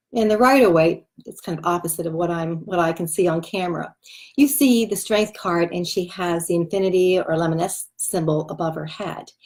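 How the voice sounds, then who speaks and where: A woman's voice: lowish voice, darkish tone. Chatty woman showing a tarot deck. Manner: chatty, loose, with many fillers. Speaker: tarot reader. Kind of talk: casual chat showing a deck.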